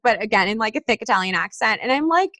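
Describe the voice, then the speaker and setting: A young woman tells a dating story in casual chat, speaking fast in a slightly high voice on a dry recording. She is an animated storyteller, acting out the texts she received and sent in quoted voices.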